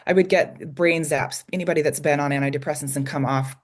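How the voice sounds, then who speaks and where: A woman from a small logging community in Idaho, United States, tells a candid, emotional personal story as an interview guest, with many ums and restarts. Her voice sits low, with a steady tone and fairly quick pace.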